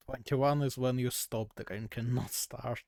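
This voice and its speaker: A man's voice: mid-range voice, steady tone, a little slow, darkish tone, dry recording, studio quality. A man streaming live, reacting to a video with casual, laid-back asides and the odd swear word.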